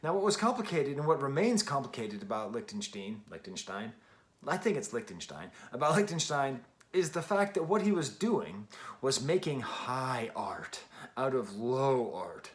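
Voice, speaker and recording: A man's voice: mid-range voice, sing-song, normal speed. A man giving a casual spoken record review, thinking aloud with many restarts and fillers. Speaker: music reviewer.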